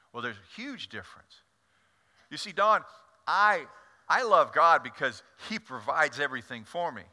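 A man preaching a sermon to his congregation as their pastor, telling stories with an animated delivery and often stumbling over repeated words. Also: on the high side. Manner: animated storytelling with frequent stammered repeats. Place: church sanctuary. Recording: long church reverb.

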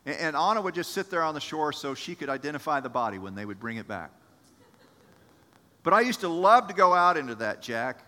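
Bright-voiced male pastor in a reverberant hall. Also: fairly high pitch. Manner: animated storytelling, rising with emphasis, addresses congregation by name. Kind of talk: sermon.

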